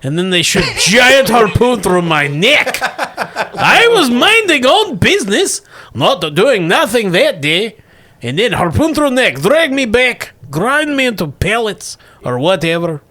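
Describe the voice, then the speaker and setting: A huge old leviathan spirit, put on by a man in a tabletop game, talking in broken English and nursing old grudges. It pitches up high and loud, swinging wildly as it complains. It sounds lazy and stoned. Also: big pitch swings, measured pace, heavily acted. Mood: aggrieved. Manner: broken English, aggrieved and whiny.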